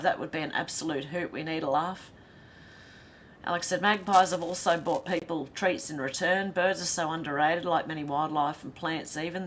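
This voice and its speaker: Over slight background noise, a livestream host speaks in a lowish, fairly bright voice. She's a middle-aged Australian woman who reads out viewer comments in a casual stream, sprinkling in giggly, chatty remarks.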